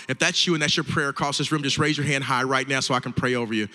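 A man's voice: medium pitch, fairly even intonation, rapid-fire, few pauses, sharp tone. A man preaching an altar call as pastor, with fervent repeated exhortations, in a large church hall. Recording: long hall reverb, faint music.

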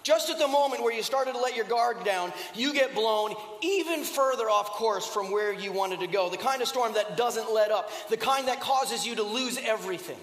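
A man's voice: sits high, expressive, normal speed, hardly any pauses, a bit bright. A male preacher retelling a scripture story in a conversational tone, with many rhetorical questions, in a church. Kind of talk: sermon. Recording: echoey hall with long reverb.

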